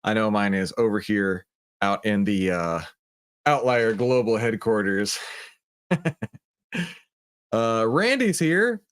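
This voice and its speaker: A chatty man with a Texan accent hosts a casual livestream, speaking in a lowish voice. He greets viewers by name and talks in a loose, friendly way. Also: animated, slow pace, pauses often, clean tone. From Texas. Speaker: livestream host.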